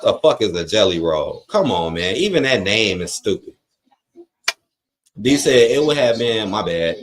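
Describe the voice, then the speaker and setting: A man's voice: on the low side, big pitch swings, measured pace, a crowd in the background. A man hosting a live watch-along stream, reading chat comments aloud and giving blunt, profane opinions in a loose, rambling way. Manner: loose, rambling with frequent fillers.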